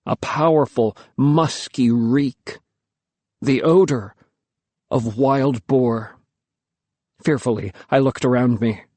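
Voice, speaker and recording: A man's voice: mid-range voice, takes it slowly, long pauses, darkish tone, dry recording. A man narrating an audiobook in the first person, telling the story expressively and without hurry.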